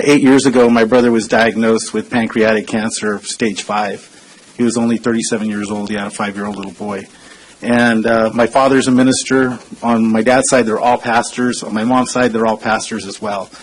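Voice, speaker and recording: A man's voice: lowish voice, low-quality recording. A man in his forties giving an earnest public comment speech at a council chamber podium, conversational and full of hesitations. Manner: conversational and earnest, frequent uh fillers. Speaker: consultant speaking at public comment.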